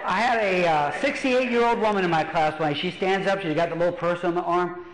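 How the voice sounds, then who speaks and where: A man from Louisiana, a pastor doing stand-up comedy as an animated storyteller who acts out voices. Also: sits high, a little fast. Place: church hall. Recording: echoey hall.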